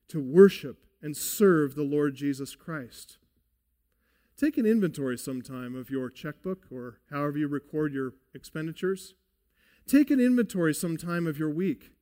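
Slow, earnest preaching man. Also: a little high, a little mellow. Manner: earnest, emphatic preaching with pauses. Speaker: pastor. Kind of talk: sermon.

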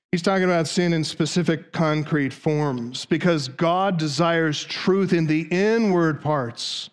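Slow, clear-voiced male preacher. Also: high-pitched. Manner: rhetorical questions in long lists. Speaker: pastor. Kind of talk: sermon.

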